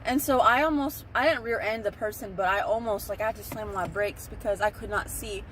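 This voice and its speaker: A young woman vlogger sits in a parked car, recording on her phone and telling a rambling story straight to her viewers. Her mid-range voice is fairly quick and fairly bright, with a little hiss or hum in the background.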